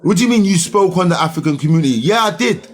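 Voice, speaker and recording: A man's voice: sits high, expressive, fast talker. A young man, ranting heatedly at commenters on a livestream in slangy, argumentative talk.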